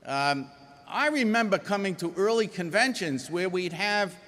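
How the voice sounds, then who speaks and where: Emphatic, folksy union speaker, man with a Rhode Island accent, slightly high voice, recorded in a reverberant hall. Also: lively intonation, unhurried, a bit bright. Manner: folksy, emphatic, jokes with the audience. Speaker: union leader addressing a convention. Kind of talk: convention speech.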